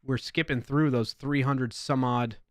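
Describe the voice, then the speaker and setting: A man's voice: medium pitch, fairly even intonation, a little slow, no echo, clean studio sound. A man with a New York accent hosting a casual live stream, reading viewer comments aloud with playful emphasis and chatting as he goes.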